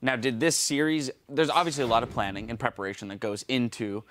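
A man's voice: medium pitch, fairly even intonation, fast talker, a bit bright, slight background noise. Man asking long post-match questions. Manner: fluent, long detailed questions. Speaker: esports interviewer.

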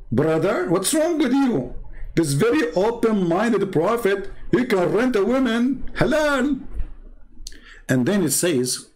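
Sex: man. Role: online commentator. Style: sarcastic video commentary. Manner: mocking, with a fairly high voice. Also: darkish tone, poor audio. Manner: mocking, sarcastic, laughs at own jokes.

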